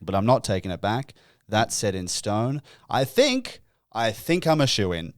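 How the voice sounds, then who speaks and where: Man, solo comedy podcast host, mock-grand and self-mocking, smooth voice, dry close mic. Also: lowish voice, very animated, a little slow, no room sound. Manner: mock-pompous, self-deprecating, with chuckles.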